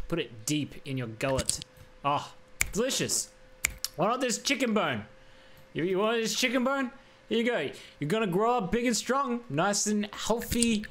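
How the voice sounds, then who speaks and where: A man with a high voice gives playful, joking commentary while he plays a game, coaxing the character on screen. Game sounds and mouse clicks come through clearly behind him on a desk microphone. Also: a bit bright. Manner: playful, talks to the crocodile in a coaxing voice. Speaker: gaming YouTuber. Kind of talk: casual gameplay commentary. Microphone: USB desk microphone. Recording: background game noise with clicks.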